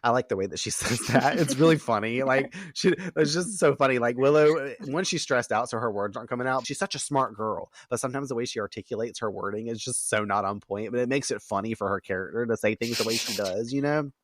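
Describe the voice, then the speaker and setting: A man hosting a podcast in a casual chat, animated and profane, laughing often and acting out quotes from characters. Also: mid-range voice, fast, hardly any pauses, no room sound, clean studio sound. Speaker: podcast host recapping an episode.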